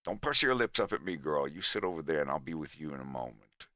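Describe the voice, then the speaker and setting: Man putting on old fox gent, cartoon, polished Southern drawl, rugged voice, stern and fancy, low and dry. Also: sing-song, fast talker, bright, forceful tone, no room sound, heavily acted. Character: older male fennec fox gentleman, polished and stern.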